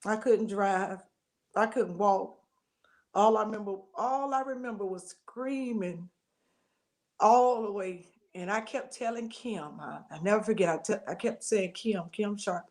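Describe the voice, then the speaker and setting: A middle-aged woman, telling a personal testimony as an interview guest, expressive and acting out the voices she quotes. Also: mid-range voice, a little slow. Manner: expressive storytelling, acts out quoted voices, churchy endearments.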